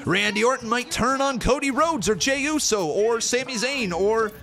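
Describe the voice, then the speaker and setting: A man hosting a live stream watch-along, talking loudly and excitedly to his chat, often shouting and swearing. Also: very high-pitched, moderate pace, faint music behind.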